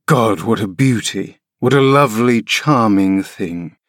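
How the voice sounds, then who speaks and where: A man's voice: fairly low pitch, normal speed, no echo, studio quality, close to an everyday voice. A man voicing a grim, scornful middle-aged man with a mocking, contemptuous delivery.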